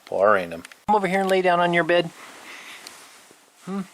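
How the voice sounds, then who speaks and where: A man at home talking to his cats, coaxing and teasing them in a soft, affectionate murmur that sometimes drops to a whisper. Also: high voice, very animated, moderate pace. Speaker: cat owner filming his pets. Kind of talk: casual talk to pets. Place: indoors at home.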